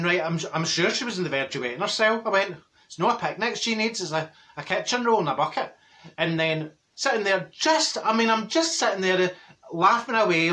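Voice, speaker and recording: Glaswegian older woman, gossipy, bright forceful voice, rambling comic chatter. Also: high-pitched. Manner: chatty, rambling storytelling, laughs at own jokes. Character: gossipy older Glasgow woman, blunt, cheeky. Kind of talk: comic character monologue.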